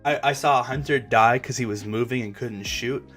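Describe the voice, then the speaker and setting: A young man talks loosely about games, swears freely and stumbles over his own restarts as he rambles. His voice sits in an ordinary middle pitch. Quiet music plays under him. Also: normal speed. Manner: rambling, profane, stammering restarts. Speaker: gaming channel host. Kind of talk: casual chat.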